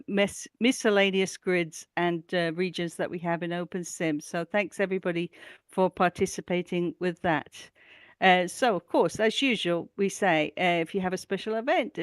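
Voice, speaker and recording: Here a woman speaks in a fairly low, smooth voice with no echo. It's a casual community news roundup on a talk show, delivered in an enthusiastic, chatty way and peppered with ums and uhs.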